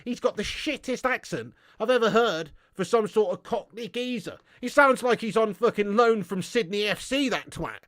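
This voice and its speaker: Guy on a live stream ranting at the chat, swears a lot, higher voice, dry close sound. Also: expressive, moderate pace, hardly any pauses, fairly bright tone, dry recording.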